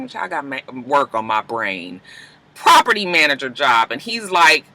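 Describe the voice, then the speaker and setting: Man, chatty TV recap, very bright tone, frank and salty. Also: on the high side, moderate pace, slight background noise. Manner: animated, chatty retelling with frank, salty asides. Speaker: TV episode reviewer. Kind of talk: casual TV recap.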